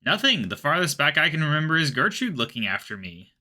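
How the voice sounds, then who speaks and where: A man's voice: fairly high pitch, very animated, a little fast, pushed and bright, pitched above the performer's own voice, full character voice. A man reading aloud as a lovesick young tomcat, speaking earnestly. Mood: wistful.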